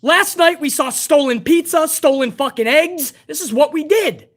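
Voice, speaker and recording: A woman's voice: high-pitched, moderate pace. A woman hosting a live wrestling review stream, ranting bluntly and heatedly with plenty of profanity. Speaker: wrestling show host.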